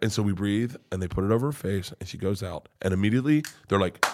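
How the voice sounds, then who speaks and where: A middle-aged man telling a long story as a podcast guest, cursing freely and swinging from hushed to loud. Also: on the low side, fast talker, noisy background. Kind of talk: casual storytelling.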